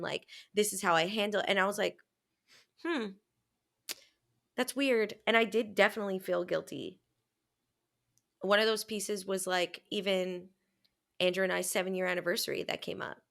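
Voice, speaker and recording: A woman's voice: fairly low pitch, creaky, pushed and bright. A young woman co-hosting a podcast, telling a personal story in casual, candid chat and swearing freely. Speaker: podcast co-host.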